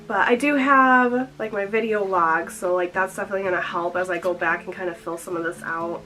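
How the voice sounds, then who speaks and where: A woman's voice: mid-range voice, steady tone, normal speed, sharp tone, faint music behind, low-quality recording. Chatty young woman vlogging, a bit breathless. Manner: chatty, fills with "like" constantly. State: slightly out of breath. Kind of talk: casual vlog chat.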